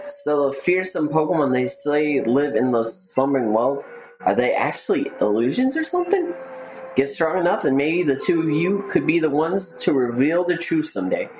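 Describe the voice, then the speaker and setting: A man voicing a confident, protective older brother in a game, reading his lines steady and a bit lower than his own voice. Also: moderate pace. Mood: reassuring. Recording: roomy echo, faint noise.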